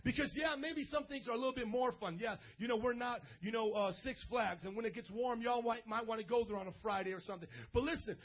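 Husky high-voiced preacher man, shouting. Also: dull audio. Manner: energetic, slangy, bursts into shouts. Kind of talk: lively youth sermon. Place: church service.

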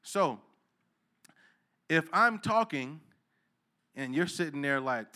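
A man preaching a sermon in a casual, slangy way, asking the listeners questions and swinging between low asides and loud, emphatic preaching. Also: lively intonation, slow pace. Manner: casual street slang, asks the crowd questions.

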